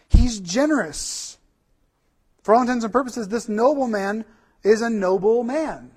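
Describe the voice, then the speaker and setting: A male pastor preaching a sermon, animated, with repeated lists and rhetorical questions. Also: high voice.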